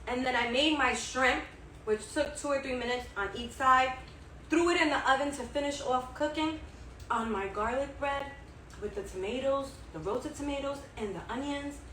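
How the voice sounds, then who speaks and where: A woman with a high-sitting, pushed and bright voice speaks at normal speed on her own cooking vlog. Enthusiastic and chatty, she repeats herself while cooking and tasting in her home kitchen, where the echo, distant mic, and slight background noise come through.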